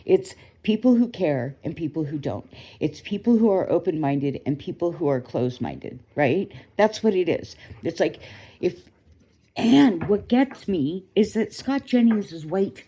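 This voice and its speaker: A woman's voice: lowish voice, animated, unhurried, mellow, slightly rough. A woman ranting in a rambling, indignant way, with swearing, recorded on a phone at home. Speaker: vlogger. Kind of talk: casual ranting commentary to a phone.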